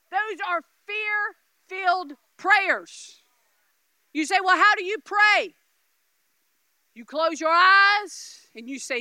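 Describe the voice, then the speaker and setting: A middle-aged guest preacher from Oklahoma, US, delivers a Pentecostal sermon in a very high, bright voice, emphatic and repeating words as she doubles back on herself. She swings from loud shouts to hushed, quiet asides. The recording is close and dry, with no room sound.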